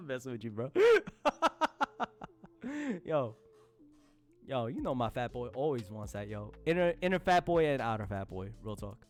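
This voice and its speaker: A man streaming live, chatting casually with his viewers, laughing often and breaking into loud outbursts. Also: medium pitch, animated, moderate pace, pauses often. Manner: addresses chat as y'all, slangy.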